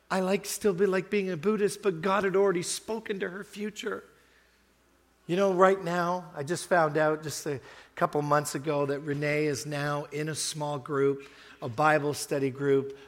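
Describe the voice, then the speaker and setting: An older man preaching a sermon, telling a story in a lively way and surging into loud emphatic bursts as he acts out what people said. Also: fairly high pitch, long reverb tail.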